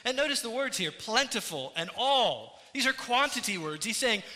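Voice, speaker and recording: A man's voice: very high-pitched, very animated, moderate pace, few pauses, bright, forceful tone. A man preaching a sermon to his congregation in an earnest way that rises and falls in intensity. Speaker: pastor. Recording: church hall with long reverb.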